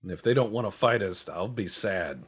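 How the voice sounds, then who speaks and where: A game streamer with a slightly rough, lowish voice talks at normal speed while playing a strategy game. His commentary is loose and rambling, full of jokes and swearing for laughs.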